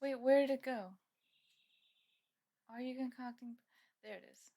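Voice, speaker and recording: A woman's voice: high-pitched, fairly even intonation, measured pace, mellow. A young woman live-streaming from home, chatting casually with viewers and laughing often. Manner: giggly, chatty, reads chat aloud.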